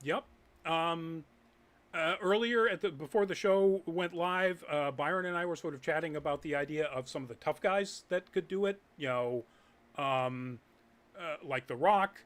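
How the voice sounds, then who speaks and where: A man's voice: a little high, moderate pace, a bit bright. A man hosting a live nerd news show, chatting casually with many ums and uhs as he reads news and viewer comments. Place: Massachusetts.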